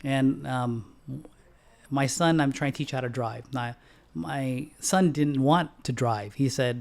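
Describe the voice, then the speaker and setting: Man, middle-aged, podcast guest, storytelling, throat-clearing, lively high outbursts. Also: normal speed. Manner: animated storyteller, acts out quotes with sudden high-pitched outbursts. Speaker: bank founder and CEO, podcast guest. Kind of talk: casual storytelling interview.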